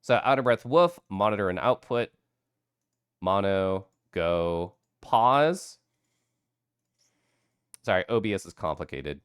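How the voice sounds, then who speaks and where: Hoarse Midwestern man streaming. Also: lowish voice, animated, takes it slowly, pauses often, fairly bright tone, no room sound, clean studio sound. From American Midwest. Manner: loose, profane and chatty with frequent laughs. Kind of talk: casual livestream chat.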